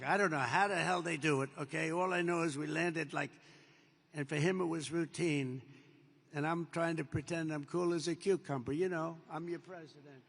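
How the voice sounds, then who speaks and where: An older man with a fairly high, bright, slightly breathy voice gives a rambling presidential speech. He digresses, repeats himself, and acts out snippets of dialogue in an anecdote. The long reverb of a large hall surrounds him.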